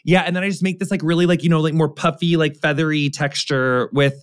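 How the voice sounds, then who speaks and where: A man hosting a casual chat, effusive and quick with questions, swearing freely. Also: fairly high pitch, fairly even intonation, clean tone. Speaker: podcast host.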